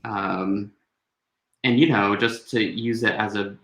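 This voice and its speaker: A man with a lowish voice talks as a guest in a casual online chat, easygoing and full of fillers. His room echoes around him. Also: fairly even intonation, takes it slowly, a bit bright.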